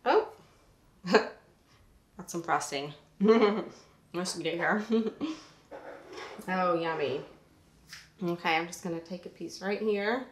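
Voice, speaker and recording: A woman's voice: on the low side, takes it slowly, long pauses, reverberant, a little hiss or hum. A woman vlogging a casual cooking demonstration in her home kitchen, bubbly and laughing often as she works. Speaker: recipe vlogger.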